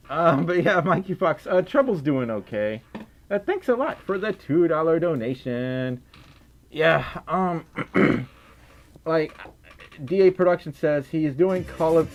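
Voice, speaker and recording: A man's voice: on the high side, expressive, slow pace, pauses often, soft background music. A man from Mississippi with a Southern accent, casually chatting on a livestream and reading out donations, tired, giggly and a little silly. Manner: silly and giggly, often trails off and restarts. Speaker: livestream host.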